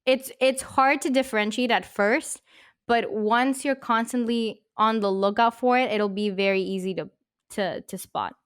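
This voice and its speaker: Passionate woman podcaster, smooth and dry. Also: a little high, steady tone, dry recording. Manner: passionate, talks in rushes with many fillers. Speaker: podcast co-host, journalist. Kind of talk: casual chat. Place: recorded podcast studio.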